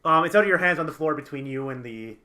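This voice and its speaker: A man running a tabletop game as game master, explaining rules in quick, halting bursts with many restarts. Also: on the high side, expressive, bright, forceful tone.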